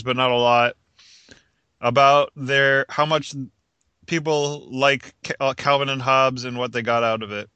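Bright-voiced man ranting casually. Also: medium pitch, clear, resonant tone, no echo. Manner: rambling, frequent restarts, laughs at own jokes. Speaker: podcast co-host. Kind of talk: casual chat.

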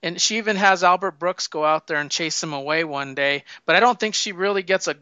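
Animated man in casual chat. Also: sits high, brisk, smooth, no echo. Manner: animated storyteller, acts out quotes. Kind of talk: casual film discussion. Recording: dull lo-fi sound.

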